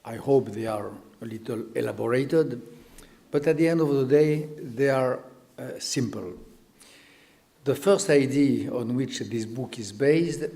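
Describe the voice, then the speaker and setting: An older man, French by birth, speaks English with a clear French accent at a measured, unhurried pace. He gives a public lecture, pausing often to find his words. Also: mid-range voice, mellow. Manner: slow and deliberate, with many hesitations. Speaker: guest speaker.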